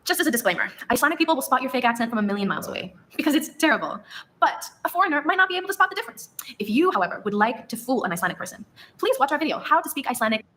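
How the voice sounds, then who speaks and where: A woman narrating a comedic mock tutorial in a deadpan, instructional way. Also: high-pitched, very fast, slight background noise, poor audio.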